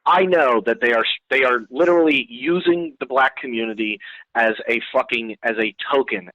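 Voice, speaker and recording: A man's voice: mid-range voice, sharp tone, no echo. A man, a guest on a podcast, ranting bluntly and profanely in casual chat. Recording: dull, dry, lo-fi podcast audio.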